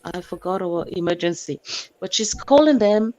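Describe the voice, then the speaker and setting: A woman on a stream telling a story from her day with animated delivery, acting out her own shouts and sometimes hunting for words. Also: fairly low pitch, normal speed. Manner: hunts for words, fills with "um". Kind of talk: casual storytelling. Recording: dull lo-fi stream audio.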